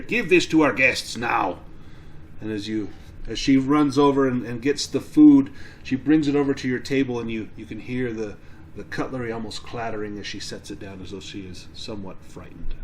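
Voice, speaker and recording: Male game master, unhurried halting narration, average pitch. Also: darkish tone. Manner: hesitant, halting.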